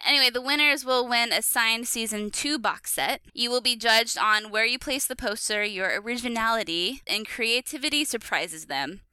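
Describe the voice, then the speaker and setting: Woman podcast co-host, chatty and laughing, bright and crisp voice, dry close sound. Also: on the high side, moderate pace, few pauses, no room sound, rough recording. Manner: chatty, laughs easily, plugs the show. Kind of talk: casual podcast chat.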